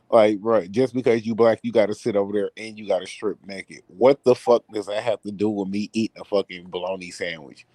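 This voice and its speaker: A man on a casual live stream, joking loudly, swearing a lot and laughing between rants. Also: fairly low pitch, steady tone, normal speed, dry recording. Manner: loud, profane, laughing, riffs into mocking voices. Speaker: podcast co-host.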